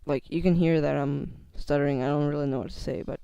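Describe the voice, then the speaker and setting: Teenage male YouTuber, nervous and halting delivery, slightly high voice with a gravelly edge. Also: fairly even intonation, mellow, no echo. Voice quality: voice cracks. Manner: hesitant, many fillers and restarts. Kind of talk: casual vlog monologue.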